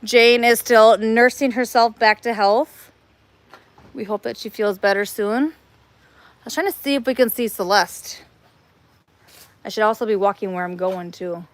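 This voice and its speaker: A woman's voice: a little high, unhurried, long pauses. A woman hosting a casual live stream, chatty and rambling, filming on a phone while walking around an outdoor cat playground. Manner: chatty, rambling, laughs easily.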